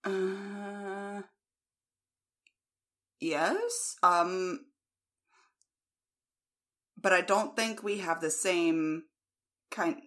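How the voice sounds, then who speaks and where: Low-voiced American woman chatting. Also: bright, forceful tone. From United States. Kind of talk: casual chat.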